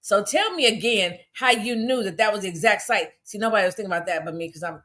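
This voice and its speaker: A woman's voice: medium pitch, quick pace, fairly bright tone. Furious, profane woman ranting on a livestream. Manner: angry, profane, rhetorical questions. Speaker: commentator. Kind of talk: angry livestream rant. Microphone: phone.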